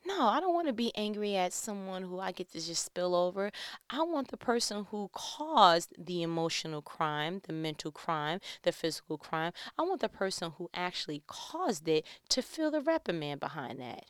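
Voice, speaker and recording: A middle-aged woman hosting a reflective motivational talk, earnest, often rising to loud, animated emphasis. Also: lowish voice, moderate pace, clear, resonant tone, no room sound, studio quality.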